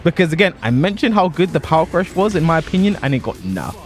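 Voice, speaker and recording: A young man chatting casually about a fighting game while he plays, animated and given to exaggeration, laughing at himself now and then. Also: on the high side, fast, faint music behind. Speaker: pro fighting game player and content creator. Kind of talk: casual commentary over gameplay.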